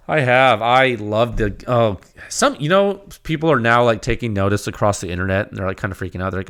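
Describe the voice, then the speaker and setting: Animated rambling male podcast host. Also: lowish voice, fairly quick. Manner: rambling, animated, with frequent restarts and self-talk; laughs often and acts out quoted exchanges. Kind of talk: casual solo podcast monologue.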